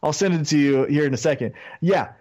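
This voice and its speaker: A man's voice: on the high side, fast, a little mellow, lo-fi sound. A man co-hosting a wrestling podcast, ranting animatedly with plenty of swearing in casual chat. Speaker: podcast co-host.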